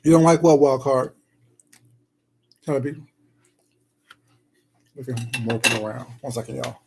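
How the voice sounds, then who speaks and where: A man's voice: medium pitch, unhurried, gravelly, a little mellow, a little hiss or hum, rough recording. A man live-streaming himself eating, chatting casually and greeting viewers in the chat with pet names like "baby" and "sweetheart".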